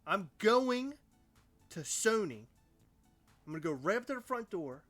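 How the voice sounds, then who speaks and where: A man's voice: high voice, big pitch swings, a little slow, fairly bright tone, soft background music. A young man co-hosting a casual podcast chat, ranting with mock outrage. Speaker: podcast co-host.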